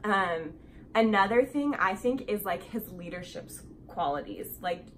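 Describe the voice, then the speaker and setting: A woman's voice: medium pitch, a little slow, a little hiss or hum. A young woman hosting a casual chat, speaking easily with plenty of "like" fillers. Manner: relaxed and agreeable, frequent "like" fillers.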